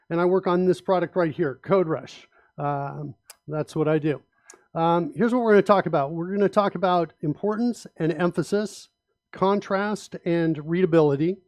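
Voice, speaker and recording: A middle-aged man presenting a talk on interface design in a relaxed, conversational way, with frequent fillers. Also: high-pitched, dry recording. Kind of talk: conference talk with slides.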